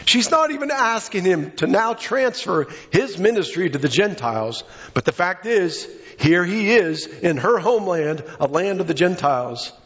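Preacher guy, fired up, acts out the voices, kinda high voice, muffled lo-fi recording. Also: lively intonation, normal speed, a bit bright. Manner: impassioned, acts out quoted voices. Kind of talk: sermon.

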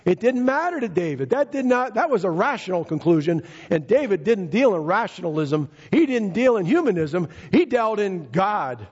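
Man, preacher, sermon, emphatic, repeats phrases, husky, dull lo-fi recording. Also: sits high, big pitch swings, moderate pace, few pauses, darkish tone. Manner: emphatic, repeats key phrases, paraphrases scripture in casual speech.

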